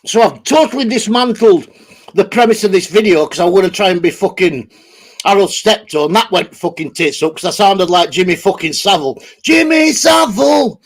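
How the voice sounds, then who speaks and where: A man's voice: sits high, a little fast. A man hosting a casual ranting vlog, sweary and rambling, laughing often. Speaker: YouTube host.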